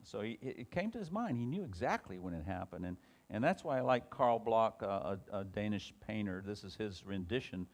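A man with a somewhat low voice teaches an informal Bible class. He reads scripture aloud with lifting emphasis, then explains it in a loose, conversational way, full of small restarts. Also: expressive, brisk.

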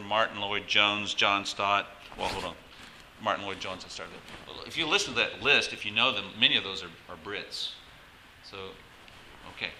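A man's voice: fairly low pitch, pushed and bright, a little hiss or hum, poor audio. A pastor preaching a conversational sermon, often asking the congregation questions and restarting his phrases.

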